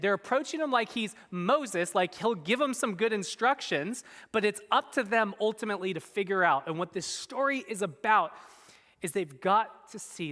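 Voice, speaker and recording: Bright-voiced pastor preaching in reverb. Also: male voice, sits high. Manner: animated and emphatic, dropping to soft, quiet tones. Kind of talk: sermon. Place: church sanctuary. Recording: long reverb in a church hall.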